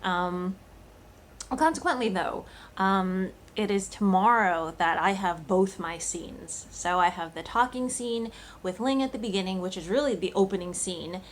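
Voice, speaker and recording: A woman's voice: mid-range voice, animated, unhurried, a little hiss or hum. A woman talking casually to camera in a vlog, thinking aloud with lots of fillers and restarts. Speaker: cooking channel host.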